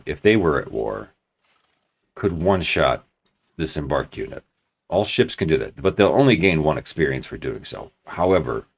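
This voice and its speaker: In this let's play, a man with a very deep, slightly rough voice plays a strategy game and talks at length through what he intends to do. He thinks aloud, hedging and restarting while he plans.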